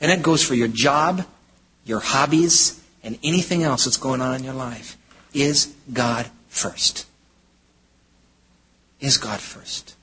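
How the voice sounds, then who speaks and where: A man preaching a sermon from the United States, in an emphatic style that swings between loud exclamations and low, intense statements. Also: slow pace, pauses often, a little hiss or hum. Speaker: pastor. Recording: hall reverb.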